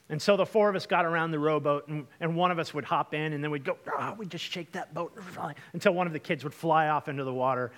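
Young pastor guy telling a story in a sermon, slightly high voice, lots of likes and ums, talks right to the crowd. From Washington state, USA. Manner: chatty, lively, many fillers and asides to the congregation.

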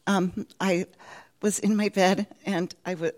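A middle-aged woman giving an earnest, emotional church testimony, laughing softly now and then. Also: medium pitch, level tone, unhurried. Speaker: speaker sharing a testimony.

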